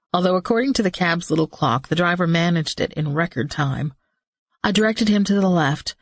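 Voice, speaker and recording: Low-voiced woman narrating an audiobook. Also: no room sound, studio quality. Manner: tense, measured storytelling. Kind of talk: first-person audiobook narration.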